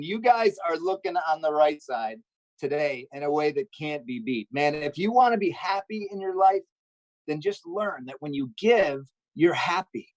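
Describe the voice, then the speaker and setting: Brief: male stand-up comic, upbeat storyteller, slightly high voice, dry close sound. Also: no room sound, poor audio. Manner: upbeat, jokey storytelling with quick asides. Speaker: stand-up comedian. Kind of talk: stand-up comedy set on a charity livestream.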